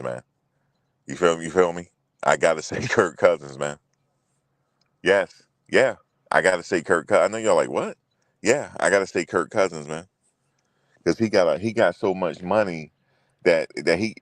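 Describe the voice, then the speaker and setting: A low-pitched man hosts a casual sports chat, recorded with no room sound. Loose and profane, he repeats himself and talks right at the viewers.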